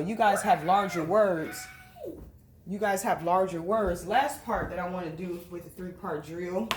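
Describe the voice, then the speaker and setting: A woman teaching a reading lesson to children, speaking slowly and sounding out each syllable. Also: lowish voice, background noise.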